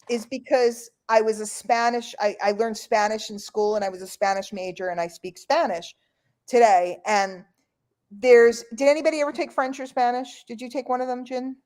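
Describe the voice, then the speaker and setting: A woman's voice: a little high, darkish tone. A woman from New York hosting an online call in casual, rambling chat. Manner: chatty, rambling, playful.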